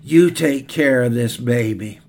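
A man voicing a ragged, drunken old man who coos loudly at a baby. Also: mid-range voice, measured pace, creaky. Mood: firm.

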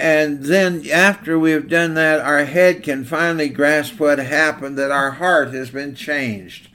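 A pastor preaching a sermon, telling illustrative stories in an earnest way and slowing down to stress key lines. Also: male voice, on the high side, a bit bright.

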